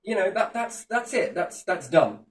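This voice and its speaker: A man's voice: high-pitched, big pitch swings, a little slow, crowd noise. Ranting British man in an echoey room. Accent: British English. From Britain. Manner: passionate ranting with swearing. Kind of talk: casual chat. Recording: echoey room, distant mic, faint ambience.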